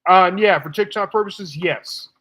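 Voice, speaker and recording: A man's voice: sits high, measured pace, a bit bright, poor audio. A man hosting a live stream debate, talking bluntly and assertively to callers, casually calling them baby.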